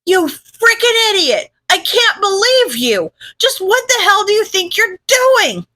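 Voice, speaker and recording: A woman voicing a hot-tempered, foul-mouthed teenage boy who yells scornful insults. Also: on the high side, expressive, normal speed. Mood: yelling.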